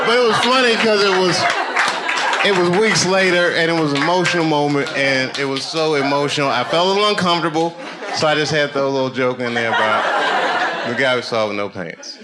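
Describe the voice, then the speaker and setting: A man doing stand-up comedy, telling a story in a loose, animated way that swings from low muttering to loud bursts. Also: a little fast, heavy background noise. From United States. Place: comedy club stage.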